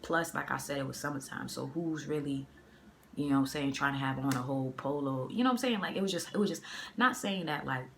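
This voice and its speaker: Woman, casual storytime vlog, gravelly voice, chatty and slangy, phone recording. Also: very deep voice, fast talker, fairly bright tone, a little hiss or hum. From Boston area. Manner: loose and chatty, full of fillers and slang. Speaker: vlogger. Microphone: phone camera.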